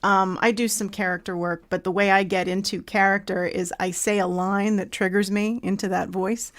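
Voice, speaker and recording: A woman's voice: medium pitch, little pitch movement, normal speed. A woman hosting an interview podcast, asking friendly questions and laughing easily. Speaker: podcast host. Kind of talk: casual interview chat.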